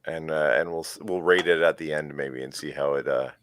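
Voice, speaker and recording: A man's voice: rumbling low, steady tone, a little fast, a bit bright, dry recording. A man hosting a casual podcast, leading with questions in an easygoing way. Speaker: podcast host. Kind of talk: casual bourbon chat.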